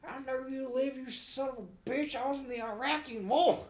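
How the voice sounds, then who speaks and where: A man's voice: very high-pitched, normal speed, pitched above the performer's own voice. A man faking a cranky old prank caller. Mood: hostile. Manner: raised, gruff, cursing. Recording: echoey room.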